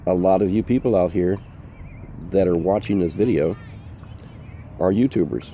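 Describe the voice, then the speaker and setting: Deep gravelly older man giving advice. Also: normal speed, phone-quality sound, a little hiss or hum. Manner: earnest, repetitive, emphatic. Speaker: full-time RV vlogger. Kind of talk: casual outdoor vlog advice. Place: outdoors in the sun.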